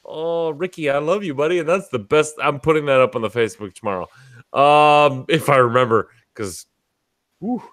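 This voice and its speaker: A man's voice: fairly high pitch, normal speed, a bit bright, no room sound, clean studio sound. A man hosting a casual livestream chat, boisterous and tipsy, swearing and laughing as he talks. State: tipsy from drinking. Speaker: podcast host.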